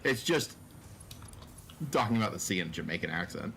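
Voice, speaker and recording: A man's voice: low-pitched, lively intonation, brisk, gravelly, background noise. A man chatting on a gaming stream in a joking, easygoing way. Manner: joking, laughs easily. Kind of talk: casual gaming stream chat.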